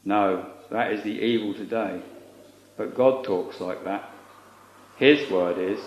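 A man with a low voice preaches a sermon, solemn and earnest, using old-fashioned scriptural phrasing. The recording is lo-fi and muffled, and it has the echo of a large room. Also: takes it slowly, pauses often, a little hiss or hum.

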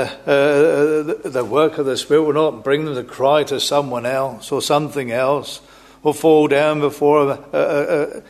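A man preaching a sermon slowly and haltingly, with many pauses and restarts and old-fashioned biblical wording. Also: medium pitch.

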